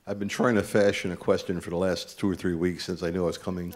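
A man's voice: sits low, little pitch movement, quick pace, a little mellow. A man from New Jersey speaking from the audience at a book event, earnest and rambling, with many fillers. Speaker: audience member.

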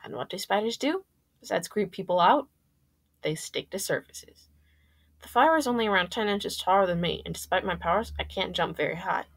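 A woman reading her first-person fan fiction aloud, lively and jumping up on exclamations. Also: medium pitch, normal speed, breathy edge.

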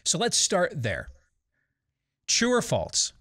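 A man hosting a political talk panel, sardonic and prone to halting restarts. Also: high-pitched, wildly swooping pitch, a bit bright, no echo, studio quality. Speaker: talk show host. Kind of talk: panel discussion.

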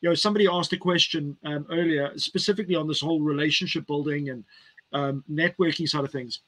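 Host guy on a video call, kinda high voice, lots of ums and uhs. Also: quick pace. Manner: relaxed, many fillers. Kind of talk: hosting an online event.

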